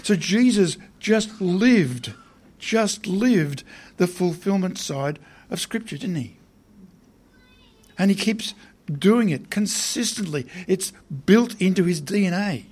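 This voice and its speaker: A man's voice: sits high, animated, takes it slowly, darkish tone, slightly rough. A man preaching a sermon in a conversational way, often putting questions to his listeners.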